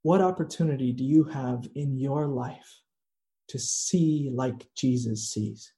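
A man preaching a sermon in a slow, earnest way, with dramatic pauses. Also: medium pitch, mellow. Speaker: pastor.

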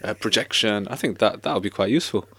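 A man's voice: on the low side, fast talker, a bit bright. A man hosting a casual interview, asking curious questions and often repeating his words as he starts a sentence. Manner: inquisitive, stammering repeats. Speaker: podcast host.

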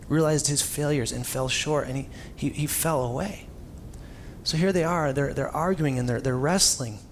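A man's voice: a little high, normal speed, slight background noise. A young male pastor preaching a sermon in a casual, conversational storytelling style with informal asides.

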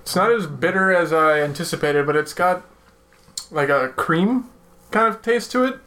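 A man's voice: fairly high pitch, normal speed, bright, forceful tone. A man co-hosting a casual beer-tasting chat, joking and rambling, often trailing off mid-sentence. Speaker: podcast co-host.

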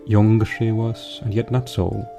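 Low-voiced man reciting archaic English. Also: level tone, a little slow, gravelly, over music. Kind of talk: reading an old text in period pronunciation.

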